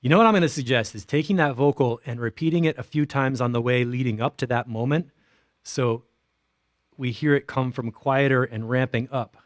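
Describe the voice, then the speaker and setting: A young man in the middle of a pitch range talks through production tips on a livestream, rambling and casual with plenty of asides. He hums and scats rhythms to show his ideas. The sound is dry, with no room echo. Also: fairly quick. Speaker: livestream host reviewing music tracks.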